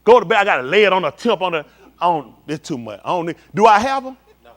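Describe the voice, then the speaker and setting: A high-voiced male preacher, preaching an informal sermon. His pitch swings widely as he breaks into shouted bursts and acts out little scenes. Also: big pitch swings, fast talker. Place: synagogue hall.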